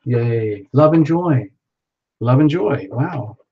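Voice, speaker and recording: A man chats his way through a live tarot stream, thinking out loud and greeting viewers by name. The sound is dull and lo-fi, with a faint hiss of noise behind him. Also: mid-range voice, expressive, takes it slowly. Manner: chatty, self-talking, reads out viewer names.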